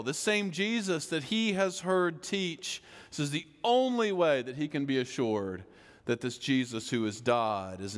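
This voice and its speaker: A man preaching a sermon as pastor, slow and emphatic, building on repeated phrases. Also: on the high side, a bit bright. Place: church sanctuary. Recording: long church reverb.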